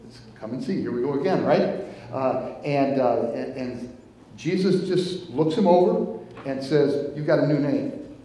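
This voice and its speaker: In a church sanctuary, a male pastor delivers a conversational sermon, retelling a story haltingly, repeating and restarting words and inviting listeners to join in. His voice is medium-pitched, animated and mellow, with long hall reverb on the recording.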